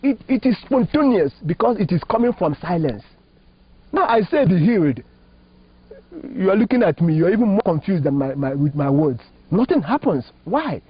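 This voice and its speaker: Emphatic Nigerian priest, lively rising pitch. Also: male voice, normal speed, breathy edge, no room sound. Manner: emphatic, preacherly, rising and falling phrasing, asks rhetorical questions. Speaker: Catholic priest. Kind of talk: spiritual teaching in an interview. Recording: dull lo-fi dry recording.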